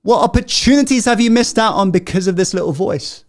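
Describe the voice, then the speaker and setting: A man giving a motivational masterclass to an audience, peppering them with questions and swinging between loud rallying and hushed intensity. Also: high-pitched, expressive, a little fast. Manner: asks the audience constant questions. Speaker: self-help coach.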